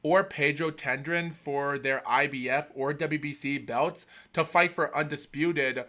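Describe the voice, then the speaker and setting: A man's voice: fairly high pitch, steady tone, a little slow, sharp tone. A man hosting a casual boxing podcast, rambling with restarts and fillers, exasperated when his camera freezes. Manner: exasperated, calls out hello over and over. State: catching his breath. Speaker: podcast host.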